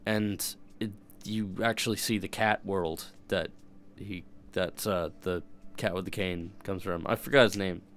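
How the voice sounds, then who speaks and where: A man's voice: sits low, steady tone, a little slow, a bit bright, faint music behind. A young man streaming and chatting casually, rambling and swearing, often breaking off and restarting his sentences. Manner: rambling, profane, self-interrupting. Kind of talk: casual chat.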